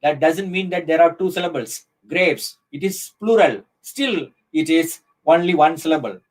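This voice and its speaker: A middle-aged man with an Indian English accent giving a live online lecture, speaking slowly and deliberately with many fillers and restarts. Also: on the high side, animated, rough recording.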